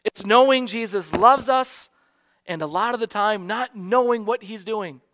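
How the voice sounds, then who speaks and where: High-voiced American pastor preaching. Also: male voice, measured pace, slight background noise. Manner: earnest preaching, soft repeated emphasis. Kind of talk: sermon.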